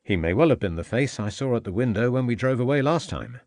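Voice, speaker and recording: A man voicing a calm, compassionate Victorian police inspector who speaks with measured courtesy. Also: medium pitch, no echo, studio quality, close to an everyday voice. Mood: firm.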